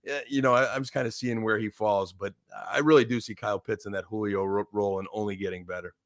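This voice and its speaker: A man's voice: lowish voice, steady tone, fast, no echo, studio quality. A man co-hosting a casual podcast, talking loosely with plenty of fillers. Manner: loose, chatty, lots of "you know". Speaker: podcast co-host.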